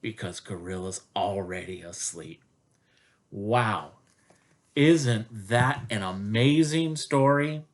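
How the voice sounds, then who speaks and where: A woman reading a picture book aloud to young children in a gentle, sing-song storytelling manner. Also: a bass voice, takes it slowly. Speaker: storytime reader.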